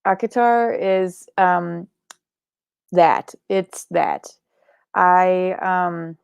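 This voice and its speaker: A woman's voice: fairly low pitch, extremely slow, creaky, clean tone, no room sound, clean studio sound. A young woman hosting a live book club stream, chatting casually and rambling, sleepy and yawning, with offhand swearing.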